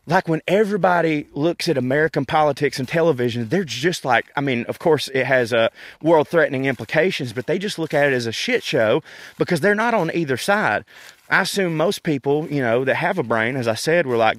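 A man, ranting casually and profanely as a podcast host while walking in a park, wry and animated. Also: fairly high pitch, fairly quick, no echo. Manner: profane, wry and animated, laughing between points.

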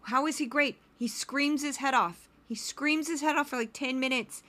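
A woman hosting a podcast of comedic political commentary, talking in a sarcastic, animated way. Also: sits high, normal speed. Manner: sarcastic and animated, slips into voices. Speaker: podcast host.

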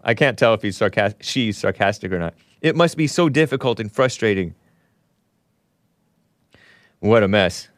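A man's voice: medium pitch, dry recording, clean studio sound. Sarcastic male talk show host. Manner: mocking, sarcastic, reads out social media replies. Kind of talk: solo talk show commentary.

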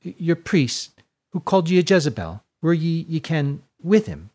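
Nervous young Scottish girl in a storybook, soft and hesitant, voiced by a male narrator. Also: a little high, big pitch swings, normal speed, pitched above the performer's own voice. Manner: hesitant, nervous Scots speech.

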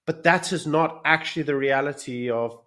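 A man's voice: a little high, moderate pace, sharp tone. A man from South Africa co-hosting a podcast, telling a long story in casual chat and acting out the people he quotes. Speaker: podcast co-host.

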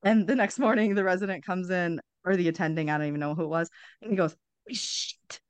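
A woman's voice: on the low side, steady tone, fast talker, clear, resonant tone, no room sound. A woman in her forties, a podcast guest, telling a candid personal story bluntly, with wry humor and frequent swearing.

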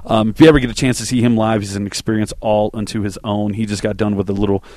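A man's voice: fairly low pitch, fairly even intonation, fast, a little mellow, dry recording, studio quality. A man hosting a music podcast, chatting loosely between songs, self-deprecating and swearing casually.

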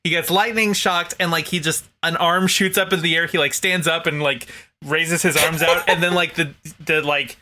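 A man co-hosting a podcast in casual chat, halting and playful as he recaps scenes. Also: on the high side, steady tone, sharp tone. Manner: halting, many fillers and restarts, playful. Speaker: podcast co-host.

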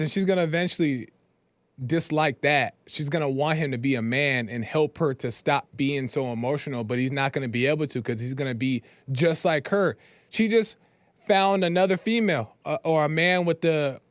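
A man's voice: fairly high pitch, no room sound. A man hosting a podcast, giving opinionated commentary on a clip in a hesitant way. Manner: opinionated, hesitant, with restarts and fillers. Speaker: podcast host.

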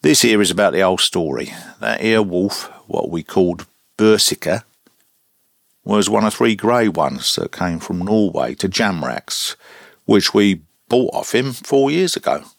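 A man reading aloud as an elderly zookeeper, in a rough old-fashioned country dialect. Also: low voice, lively intonation, a little slow, no echo, clean studio sound, full character voice. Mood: gruff, hearty.

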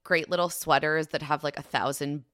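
A woman with a low voice talks easily on a podcast, summing up points and moving the chat forward. Her voice is recorded dry and close. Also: normal speed, no echo. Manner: relaxed, conversational, sums up and steers the talk. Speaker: podcast co-host. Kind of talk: casual chat about a TV show.

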